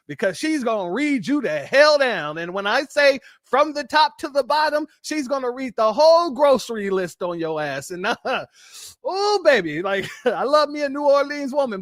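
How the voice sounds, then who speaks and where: A man from Los Angeles hosting a casual livestream, talking in an animated way and jumping into a high playful voice when he quotes people. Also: no echo, clean studio sound. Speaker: livestream host.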